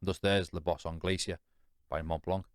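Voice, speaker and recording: With a low voice and level tone at normal speed, a man shares a blunt, candid personal story on a podcast, peppered with British slang and swearing. He rambles and restarts with many fillers, often asking "you know what I mean." The recording is dry and studio quality.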